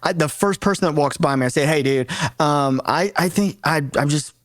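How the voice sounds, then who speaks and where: A young man from Tennessee, a podcast guest telling lively stories in casual chat, repeating words and acting out quotes. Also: a little high, normal speed, no echo. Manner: animated storyteller, repeats words, acts out quotes. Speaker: guest, actor and streamer.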